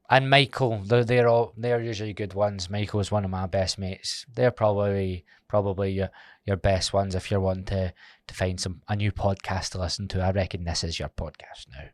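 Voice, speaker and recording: A Scottish podcast host in his twenties, with a Glasgow accent, leads a casual chat full of jokes, teasing and free swearing. His voice is on the low side, captured in a dry, studio-quality recording.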